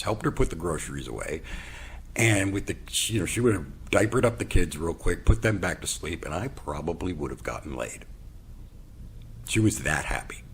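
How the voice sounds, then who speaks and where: Very deep, gravelly male storyteller. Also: slight background noise. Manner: animated storyteller, acts out quotes, drops to a whisper. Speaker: podcast host. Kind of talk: personal storytelling monologue.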